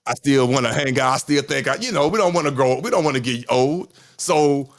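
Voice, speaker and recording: With a brisk pace and mid-range voice, this man in his 50s hosts a podcast, chatting casually and candidly. He rambles, swears, and goes over the same points again and again.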